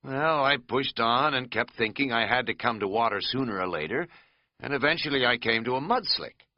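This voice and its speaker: A man's voice: mid-range voice, animated, moderate pace, no room sound, dull audio, close to an everyday voice. A man voicing a rambling, folksy middle-aged American man who talks in a chatty, self-mocking drawl.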